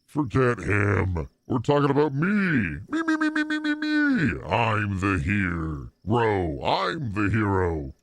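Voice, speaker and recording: Give me a man putting on a boastful rival chef, low and slow. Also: huge pitch swings, no room sound, full character voice. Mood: indignant. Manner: loud, theatrical, shouting exclamations. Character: boastful self-absorbed young male rival chef. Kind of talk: voicing a video game character.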